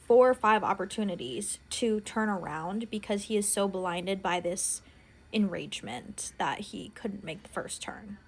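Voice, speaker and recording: A young woman vlogger telling a casual story about her dad, chatty and exasperated, full of "like" fillers. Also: medium pitch.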